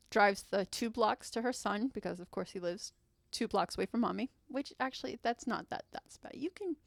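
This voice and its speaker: Animated woman rambling through a story vlog. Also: medium pitch, vocal fry, no echo. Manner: animated, rambling, self-interrupting asides. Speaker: channel host.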